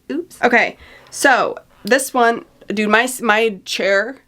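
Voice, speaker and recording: A woman's voice: fairly high pitch, slow pace. A young woman chatting casually about books at home, rambling, swearing, and reading out blurbs. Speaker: book vlogger.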